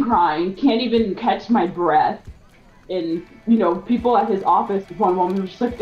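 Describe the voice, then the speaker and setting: A young woman, a soccer player, retelling a personal story in an interview, with lively acted quotes. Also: mid-range voice, moderate pace, highs cut off, soft background music.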